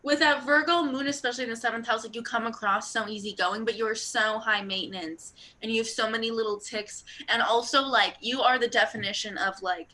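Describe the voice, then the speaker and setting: A woman's voice: fairly high pitch, a little fast, hardly any pauses. A young woman co-hosting a casual astrology chat, rambling through readings with lots of fillers. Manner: rambling, filler-heavy, animated. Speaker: astrologer co-host.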